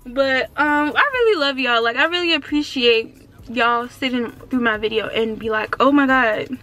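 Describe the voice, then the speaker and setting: A woman's voice: fairly high pitch, moderate pace. Bubbly young woman vlogging from her car. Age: around 19. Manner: excitable and chatty, full of fillers like "like" and "um". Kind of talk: casual car tour vlog.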